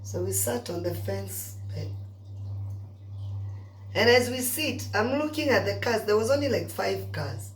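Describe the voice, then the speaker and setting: A woman's voice: medium pitch, lively intonation, a little slow, pauses often. A woman telling a long story in a chatty, gossipy way, speaking to her viewers. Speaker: vlogger. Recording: roomy echo.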